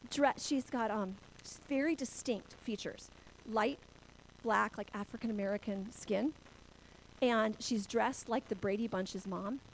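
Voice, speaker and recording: A woman's voice: mid-range voice, unhurried, slight background noise, rough recording. A middle-aged woman from a church-planting family sharing a personal testimony, telling it with emotion and laughing through the hard parts.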